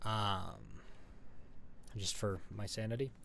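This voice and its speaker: A man's voice: on the low side, fairly even intonation, takes it slowly, gravelly, fairly bright tone, a little hiss or hum. A man giving casual gameplay commentary in a rambling, self-deprecating, joking way. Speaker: gamer.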